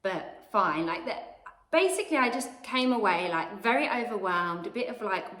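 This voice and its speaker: A woman's voice: mid-range voice, lively intonation, normal speed, a bit bright. A woman with a British accent telling a personal story in a rambling, confessional way. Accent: British English. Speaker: vlogger. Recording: roomy echo.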